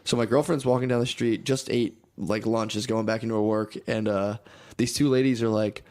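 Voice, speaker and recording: A young man chatting casually as a podcast co-host, telling profane, animated stories and acting out the people in them. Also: fairly low pitch, brisk. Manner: animated, profane storytelling with acted-out quotes. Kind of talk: casual chat.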